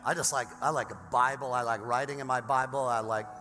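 A man preaching a sermon as pastor, hoarse from having lost his voice, with energetic delivery that climbs toward shouting. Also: mid-range voice, fast talker. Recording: large hall reverb with faint music.

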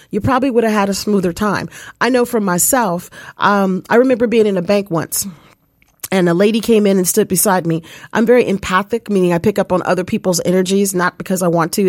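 A woman's voice: medium pitch, fairly quick, a little mellow, no echo, clean studio sound. A woman hosting a live spiritual coaching show, telling a personal story in an earnest, casual way and often speaking to listeners directly. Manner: earnest, addresses listeners as "you guys".

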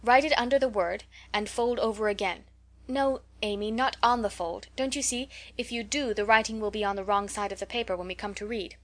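A woman's voice: medium pitch, brisk, lightly acted. A woman reading an earnest schoolgirl president from a storybook. She speaks firmly and explains things with patient authority. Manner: firm, instructive. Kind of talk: audiobook character voice.

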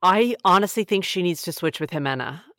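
Low-voiced woman with dry commentary. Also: lively intonation, fairly quick, a bit bright, no echo. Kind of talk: casual chat.

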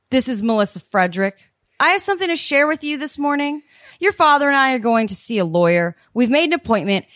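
A woman's voice: high-pitched, a bit bright, no room sound, clean studio sound, pitched above the performer's own voice. A woman doing an icily polite scheming con-woman. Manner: sweetly polite with spite underneath.

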